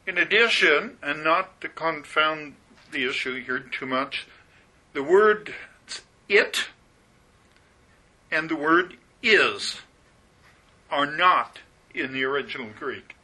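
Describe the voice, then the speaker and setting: Sharp-toned male Bible teacher. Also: on the high side, animated, takes it slowly, long pauses, breathy edge, poor audio. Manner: methodical, explains Greek word by word, stresses key words.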